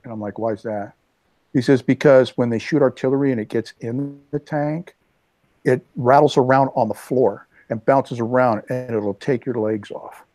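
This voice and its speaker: A man in his sixties hosting a casual video chat, telling rambling stories with lively asides. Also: medium pitch, moderate pace, dry recording. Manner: rambling storyteller, animated asides. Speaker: host. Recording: dull lo-fi dry sound.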